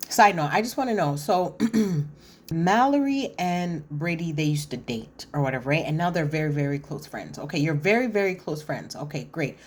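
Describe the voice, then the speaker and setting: A woman's voice: low-pitched, animated, moderate pace, slightly rough. Chatty, opinionated woman recapping TV. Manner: chatty and opinionated, acts out quotes, often says "listen". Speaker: reality TV commentator. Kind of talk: casual recap commentary.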